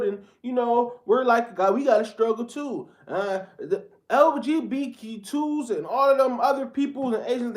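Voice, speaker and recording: A reaction commentator ranting bluntly in a casual, repetitive, slang-heavy way, often calling viewers bro. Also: mid-range voice. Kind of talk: heated casual rant.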